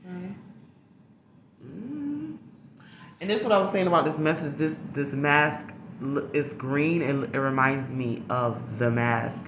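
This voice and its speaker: A man's voice: mid-range voice, echoey room, background noise. A man giving a casual tarot reading, talking straight to his viewers in a slangy, emphatic way with frequent swearing. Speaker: tarot reader.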